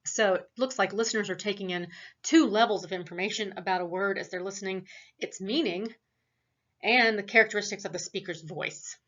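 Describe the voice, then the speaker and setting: A woman's voice: mid-range voice, brisk, a bit bright, muffled recording. A woman with a tired voice giving a recorded online psychology lecture, explaining steadily with frequent fillers and restarts. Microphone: laptop mic.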